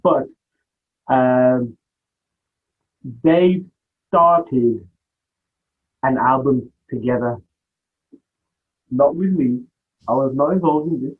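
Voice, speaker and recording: Male guest, husky voice, tinny phone-like sound, rambling storyteller who acts out quotes. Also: medium pitch, extremely slow, long pauses. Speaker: podcast guest, music producer. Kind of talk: casual storytelling interview.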